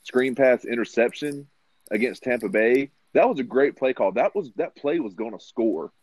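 A man on a sports talk panel, calmly breaking down plays and citing stats. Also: medium pitch, normal speed, dry recording, rough recording. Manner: analytical, stat-citing. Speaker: podcast panelist.

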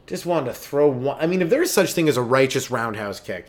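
A Canadian man in his thirties, a stand-up comedian hosting a podcast, delivers a rambling comedic monologue in an expressive, mid-range voice. He slips into quick put-on voices for the people in his stories.

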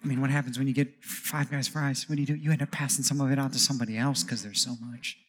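A man preaching a sermon as pastor, animated, with jokey asides and rhetorical questions. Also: medium pitch, fast talker.

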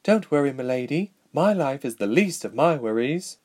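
A man voicing a determined young princess who is quietly resentful. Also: medium pitch, expressive, moderate pace, voice pushed up, close to an everyday voice. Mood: reassuring.

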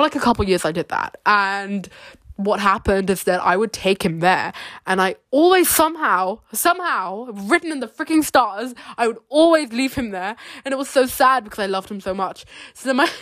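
A woman's voice: medium pitch, a bit bright, dry recording. A young woman hosting a casual, rambling podcast, chatty and self-deprecating with frequent giggles. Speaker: podcast host.

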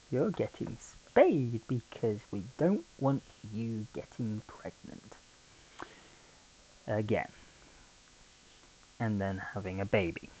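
A man's voice: on the low side, darkish tone, a little hiss or hum, poor audio. A man hosting a podcast on his own, telling a rambling, chatty story full of asides. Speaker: podcast host. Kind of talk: casual solo podcast chat.

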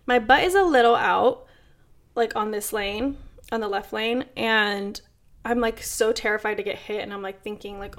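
A woman's voice: medium pitch, normal speed. A young woman, co-hosting a casual podcast and telling a story with lots of fillers and swearing. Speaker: podcast co-host. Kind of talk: casual chat.

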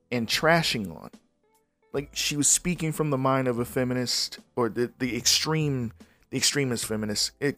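Male podcaster, mid pitch, blunt casual rant, light music bed. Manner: loose, emphatic, swears and laughs. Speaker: podcast host. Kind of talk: casual commentary.

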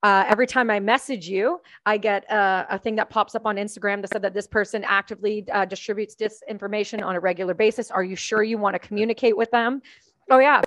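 A woman's voice: mid-range voice, fairly even intonation, fast, a bit bright, dry recording. Earnest woman host, dry close sound. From Canada. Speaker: podcast host. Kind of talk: conversational interview.

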